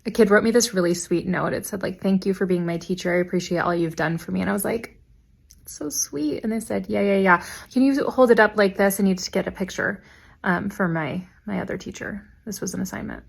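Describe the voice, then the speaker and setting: A young adult woman, a teacher, telling funny classroom anecdotes in a dry, deadpan way and quoting her students. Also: medium pitch, fast, vocal fry, slightly rough. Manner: deadpan, wry delivery with quoted student voices. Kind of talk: anecdotal storytelling.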